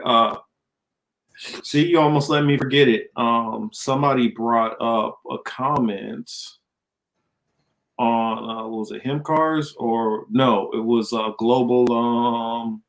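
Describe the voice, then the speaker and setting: A man co-hosting a political podcast, talking in a loose, rambling way and reading viewer comments aloud. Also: mid-range voice. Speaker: co-host. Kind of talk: casual political podcast chat.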